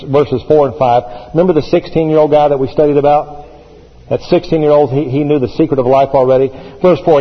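A man's voice: on the high side, husky, in a large hall, muffled recording. A man, a pastor, preaching a sermon with emphasis, repeating phrases as he builds.

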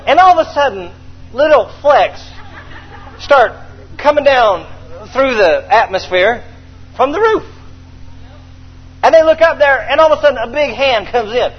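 A man's voice: very high voice, a little slow, pauses often, muffled recording, slight background noise. A man preaching a sermon, acting out a Bible story and calling on the congregation to respond. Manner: animated storytelling, acting out scenes, calls for response.

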